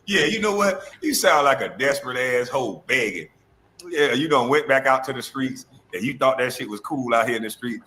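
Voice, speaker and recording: A man hosting a heated, taunting casual rant, mocking someone with quick impressions. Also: medium pitch, animated, sharp tone, a little hiss or hum. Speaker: show host.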